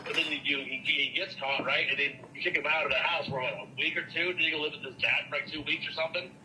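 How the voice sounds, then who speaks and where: A man's voice: a little high, fast talker, pushed and bright, slight background noise, poor audio. A man talking casually, laid-back and slangy with hesitant restarts. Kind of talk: casual conversation.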